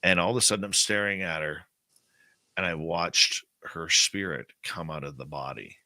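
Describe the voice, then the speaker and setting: A man's voice: low voice, moderate pace, dry recording. A man telling a personal story as a guest in an interview, acting out what was said. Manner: animated personal storytelling, acts out quotes.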